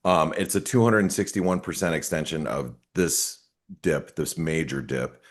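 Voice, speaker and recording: A man's voice: extremely low pitch, expressive, a little slow. A man who is a trading analyst talking through charts on a live market webinar, rambling and cutting himself off, with dry sarcastic asides.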